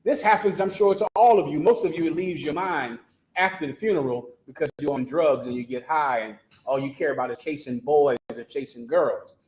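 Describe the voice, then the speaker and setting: A man's voice: fairly high pitch, brisk, a little mellow, roomy sound, low-quality recording. A man preaching a street sermon who talks emphatically and sarcastically, firing rhetorical questions at his listeners.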